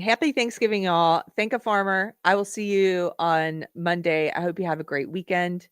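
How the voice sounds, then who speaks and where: A woman with a lowish, clear and resonant voice hosts a live stream show, speaking at a moderate pace. She chats earnestly and directly with her viewers, and the sound is clean studio quality with no echo.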